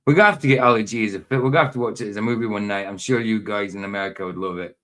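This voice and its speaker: A man's voice: on the low side, racing, fairly bright tone. A man hosting a live stream, chatting casually and playfully, rambling and laughing often. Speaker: livestream host.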